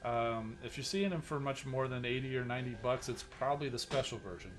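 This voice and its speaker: A man's voice: medium pitch, a little fast, faint music behind. A man hosting a game live stream, chatting casually and rambling, often restarting his sentences and answering viewers. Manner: rambling, with many restarts and asides to chat.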